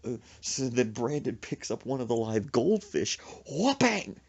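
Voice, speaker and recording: A man's voice: mid-range voice, moderate pace, noisy background. A man telling a comic story on a podcast, acting out sound effects as he goes. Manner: animated, acts out sound effects. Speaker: podcast host. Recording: dull lo-fi recording.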